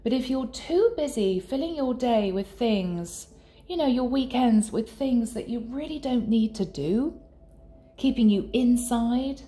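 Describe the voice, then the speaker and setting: A woman giving a channeled tarot reading in an earnest, soft and sometimes emotional way. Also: on the high side, expressive, a little slow. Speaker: tarot reader. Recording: echoey room with faint ambience.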